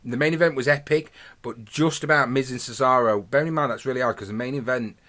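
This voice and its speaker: A man's voice: mid-range voice, fast talker, sharp tone. A man in his thirties hosting his own podcast, talking through a review in a chatty, rambling, enthusiastic way. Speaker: podcast host. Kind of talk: casual solo review monologue.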